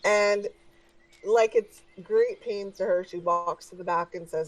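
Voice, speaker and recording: Unhurried woman game master, distant mic. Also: mid-range voice, fairly even intonation. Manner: casual, hesitant with many fillers. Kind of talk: narrating a tabletop game.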